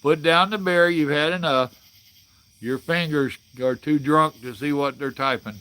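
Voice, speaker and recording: Host, sixties, folksy and blunt, bright forceful voice, fairly high for a man. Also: unhurried, smooth. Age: 60s. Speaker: livestream host. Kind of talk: casual live chat reading comments.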